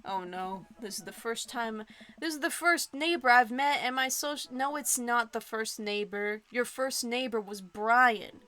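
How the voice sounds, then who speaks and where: An awkward single dad, voiced by a woman streamer fumbles through the small talk with his neighbor. The voice sits fairly high. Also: measured pace, bright, forceful tone. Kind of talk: reading game dialogue aloud.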